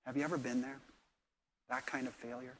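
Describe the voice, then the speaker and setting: A middle-aged man, a pastor, preaching a sermon and telling stories, swinging from hushed, quiet lines to loud, lively ones. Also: medium pitch, brisk, a little hiss or hum.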